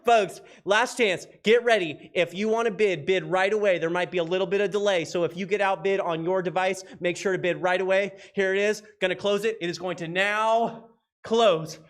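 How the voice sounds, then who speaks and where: High-pitched guy running a charity auction, loud, pushing bids over and over. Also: normal speed. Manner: energetic, repetitive bid calling, often shouting. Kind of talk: live charity auction calling.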